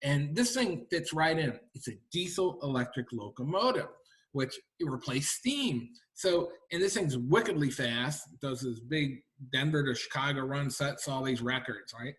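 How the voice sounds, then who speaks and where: A middle-aged man, an author and historian, giving a lively library lecture to an audience, chatty and full of rhetorical questions. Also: medium pitch, normal speed. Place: library talk room.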